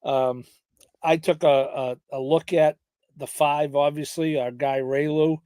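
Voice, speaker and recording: A man in casual podcast chat, weighing his race picks with hesitant pauses and restarts. His voice sits a little high for a man and is recorded dry and close. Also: steady tone, mellow, smooth, dry recording. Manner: hesitant, lots of fillers and restarts. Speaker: podcast co-host handicapping horse races.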